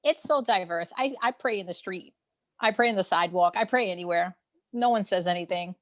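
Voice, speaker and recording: A woman's voice: on the low side, a little fast. A woman with a Brooklyn, New York accent, the guest in a casual online conversation, talking frankly with plenty of fillers and laughs over a video call. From New York City. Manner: frank, animated, laughs often, many fillers.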